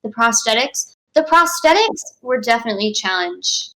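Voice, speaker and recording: A woman's voice: a little high, expressive, normal speed, bright, forceful tone, poor audio. Bubbly young woman with lots of likes. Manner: bubbly, frequent 'like' and 'um', laughs often. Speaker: actress guest. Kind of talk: casual interview.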